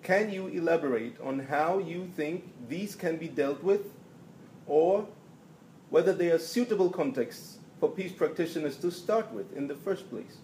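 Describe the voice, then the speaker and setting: A man's voice: a little high, measured pace, dark tone, a little hiss or hum, rough recording. A man moderating an online seminar, polite, reading out a question. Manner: polite, reads questions aloud.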